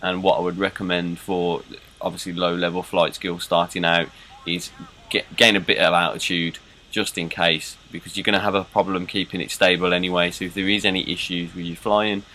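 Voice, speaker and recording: A man getting over a cold, talking through a game tutorial in a self-described monotone. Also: low voice, slight background noise, poor audio. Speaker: gaming YouTuber. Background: background music.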